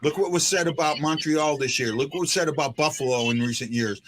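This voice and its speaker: A man's voice: a little high, quick pace, a bit bright, slight background noise. A man hosting a casual sports chat, rambling with lots of fillers and restarts. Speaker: podcast host.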